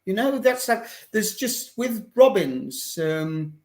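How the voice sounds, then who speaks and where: An older man speaking as a guest fan in a casual chat, talking in a hesitant, halting way. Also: high-pitched, sing-song, a little mellow. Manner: hesitant, many fillers and restarts.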